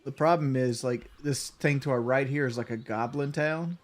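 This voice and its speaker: A man streaming a video game, chatting casually to his viewers and co-player, relaxed with loose restarts and quick laughs. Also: mid-range voice. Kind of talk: casual gaming chat.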